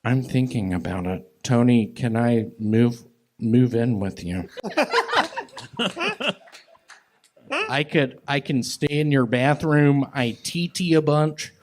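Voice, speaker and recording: Here a guest comic holds a handheld mic on a comedy club stage, drawling through absurd, rambling stand-up and banter at a slow, halting pace. He speaks in a mid-range voice with big pitch swings.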